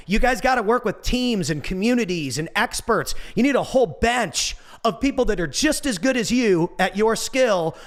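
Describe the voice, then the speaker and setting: A man in his forties delivering a casual motivational monologue, animated and goofy, swearing now and then. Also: high voice. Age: 40s. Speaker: motivational speaker.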